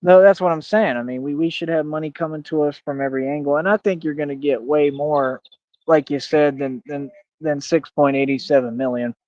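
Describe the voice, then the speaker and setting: A man rants on a livestream in a boastful, combative voice that sits a bit high. He keeps circling back to the same points. The sound is dry and close, with dull, lo-fi streaming audio. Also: steady tone, a little fast, no echo. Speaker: live streamer. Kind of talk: ranting livestream monologue.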